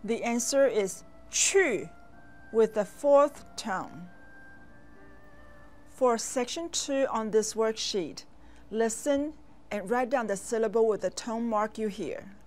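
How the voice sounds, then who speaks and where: Woman teaching language tones super slow and careful, kinda high voice, soft music under it. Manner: clear, careful enunciation with long pauses. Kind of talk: slow, deliberate instructional narration. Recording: voice over soft background music.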